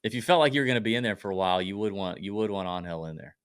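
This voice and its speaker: A man's voice: lowish voice, rapid-fire, clean tone, no room sound, studio quality. A man co-hosting a podcast, chatting casually and acting out jokey little scenes. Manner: animated, jokey, acts out silly bits. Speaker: podcast co-host. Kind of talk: casual chat.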